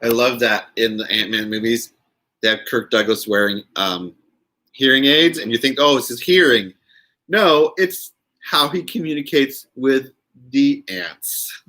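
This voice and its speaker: A man's voice: mid-range voice, fairly even intonation, measured pace, pushed and bright. A man hosting a casual live stream, chatting with viewers in a giggly way and reading their names aloud.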